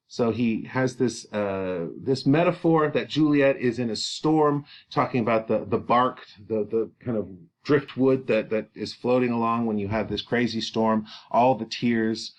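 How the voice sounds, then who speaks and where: A man teaching, explaining a play to students in an animated way with exclamations. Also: medium pitch, a little slow, few pauses.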